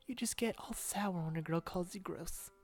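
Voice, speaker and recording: A man's voice: high voice, faint music behind. A man voicing a feisty, prickly teenage girl in a visual novel, reading her lines in a bratty, teasing way. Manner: bratty, teasing, quick to snap back.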